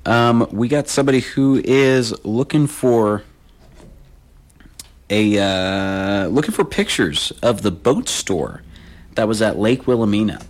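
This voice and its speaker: A man's voice: lowish voice, lively intonation, takes it slowly. A man hosting a local call-in radio swap show, reading listings and phone numbers in a loose, casual way. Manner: casual, repeats phone numbers, slangy asides. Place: radio studio.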